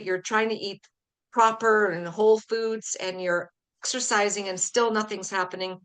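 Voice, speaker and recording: An upbeat woman hosts a live podcast, talking in a lively, casual way. She leans on fillers like "you know" and sounds eager and friendly to her guests. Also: medium pitch. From Canada. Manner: upbeat, enthusiastic, chatty with fillers. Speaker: host.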